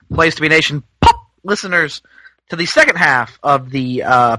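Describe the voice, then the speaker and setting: Male podcast host, fairly high, bright voice, playful banter. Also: no echo, rough recording. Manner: joking, self-mocking banter. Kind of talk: casual podcast hosting.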